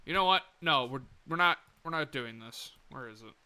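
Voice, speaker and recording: Young male game streamer, muttery and profane with sudden outbursts, lively pitch, very bright voice. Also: moderate pace, clear, resonant tone. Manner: muttering to himself, swearing, sudden excited outbursts. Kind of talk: live gameplay commentary.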